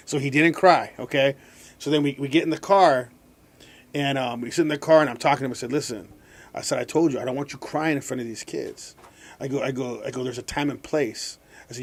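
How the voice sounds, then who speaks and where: A man's voice: mid-range voice, quick pace. A man hosting a casual talk show, telling a personal story with many restarts and quoted speech. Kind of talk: casual chat.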